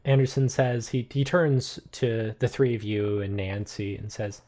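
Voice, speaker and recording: A man narrating a tabletop game as game master, unhurried and full of filler words. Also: fairly low pitch, warm tone.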